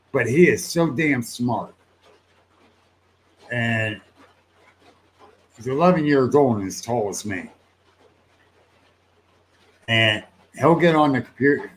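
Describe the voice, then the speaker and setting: An older man hosting a casual livestream, rambling in a folksy way, laughing often and swearing now and then as he answers viewers. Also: mid-range voice. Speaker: livestream host.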